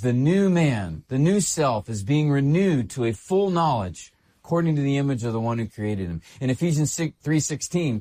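A man preaching a sermon as a pastor, repeating phrases for emphasis. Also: fairly high pitch.

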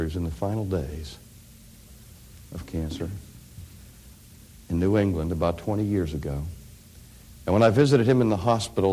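A middle-aged man preaching a sermon, telling stories and swinging from hushed, quiet phrases to loud, rising climaxes. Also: low-pitched.

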